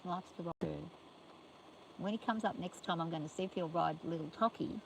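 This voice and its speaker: A woman's voice: fairly low pitch, fairly quick, gravelly, slight background noise, poor audio. An older woman livestreaming from her farm in a chatty, rambling way, talking to viewers and scolding her animals playfully. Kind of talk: casual livestream chat. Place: outdoors on a farm.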